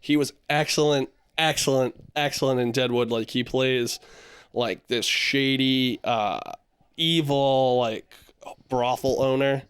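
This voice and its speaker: A man's voice: mid-range voice, fairly even intonation, takes it slowly, fairly bright tone, clean tone, no room sound. Young man rambling with lots of "like". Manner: rambling, heavy use of "like", laughs easily. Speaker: podcast co-host. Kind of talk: casual chat.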